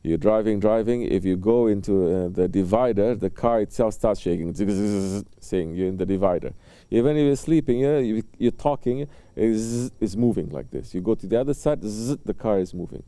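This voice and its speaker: A man preaching in a very dark, mellow voice, taking his time with pauses and soft fillers between phrases. He tells little stories and briefly plays the people in them as he teaches. The sound is close and dry, with no room echo. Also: fairly low pitch, animated, smooth. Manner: storytelling, acting out short exchanges between people. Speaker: Sufi religious teacher. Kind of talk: sermon.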